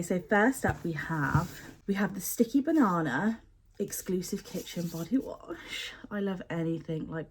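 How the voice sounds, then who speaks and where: A young woman with a husky, slightly breathy voice sitting low in pitch chats through an unboxing. She is chatty and expressive and pokes fun at herself as she sniffs and describes each product. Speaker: beauty product unboxing vlogger. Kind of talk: casual unboxing chat.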